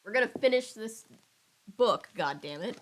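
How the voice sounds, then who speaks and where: A woman's voice: on the high side, lively intonation, moderate pace, a little hiss or hum, low-quality recording. A young woman casually reading a children's book aloud with wry, chatty asides. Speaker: channel host.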